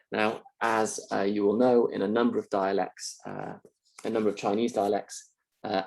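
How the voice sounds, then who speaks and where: Male university lecturer, husky and low, explains casually with fillers. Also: mellow, poor audio. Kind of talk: mock lecture.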